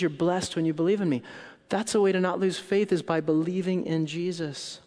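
A man's voice: sits high, normal speed. Man preaching in a reverberant hall. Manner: animated storytelling, acts out scenes with loud outbursts and hushed quotes. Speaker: pastor. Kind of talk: sermon.

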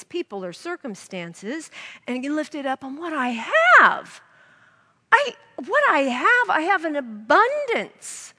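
A woman's voice: sits high, pushed and bright, in a large hall. A woman giving an earnest devotional Bible teaching, reading scripture aloud to her listeners.

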